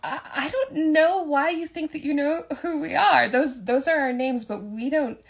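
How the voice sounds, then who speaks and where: A woman's voice: high-pitched, normal speed, lo-fi sound, pitched above the performer's own voice. A woman doing a stammering, confused young man. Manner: stammering, polite but firm.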